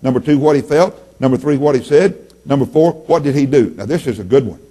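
A middle-aged man with a drawl preaches to his church in a folksy, animated way. His voice has a middle pitch, climbing into sudden loud peaks and then sinking back down to a quiet murmur. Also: fast. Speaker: pastor. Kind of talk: sermon.

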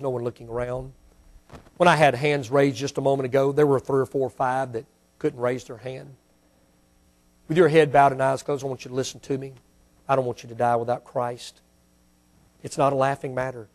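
A male pastor preaching a sermon and leading an altar call in a church, swinging from loud fiery preaching to soft pleading prayer. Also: mid-range voice. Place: church sanctuary.

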